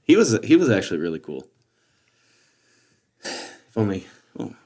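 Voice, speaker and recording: A man's voice: lowish voice, wildly swooping pitch, measured pace, a little mellow. A man hosting a podcast, telling stories in casual chat and laughing often. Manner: laughing storyteller.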